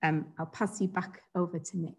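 A woman organising an online meeting, briskly announcing a vote result in a friendly way with light fillers. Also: fairly low pitch, steady tone, gravelly, a little mellow, slightly rough, poor audio.

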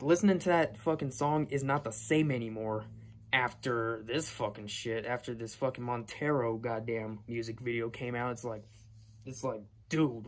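A young man, barely out of his teens, rants straight to the camera in a loose, profane way. He is blunt and repeats his points over and over, as a vlogger talking to his own channel. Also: mid-range voice. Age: young adult. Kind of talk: casual rant to camera.

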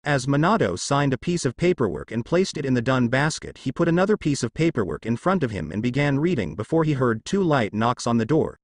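A man narrating fan fiction in an expressive, lightly humorous storybook reading. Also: medium pitch, no room sound, clean studio sound.

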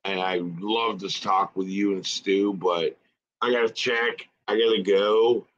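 Low-voiced man signing off politely, muffled lo-fi remote audio. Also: steady tone, measured pace, a bit bright. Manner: apologetic, polite. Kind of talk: casual sign-off. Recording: dull lo-fi line with faint noise.

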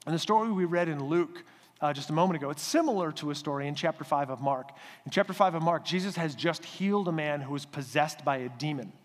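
A male pastor giving a conversational, animated sermon in a church sanctuary. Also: on the high side, fast talker, in a large hall.

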